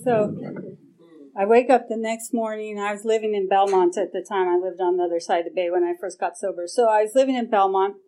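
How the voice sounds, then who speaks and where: A woman's voice: mid-range voice, fairly even intonation, brisk, mellow, rough recording. Woman, middle-aged, recovery meeting speaker, candid, swears freely, mid-range voice. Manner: candid, profane, acts out her own past reactions. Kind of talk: personal recovery story at a meeting. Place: meeting hall.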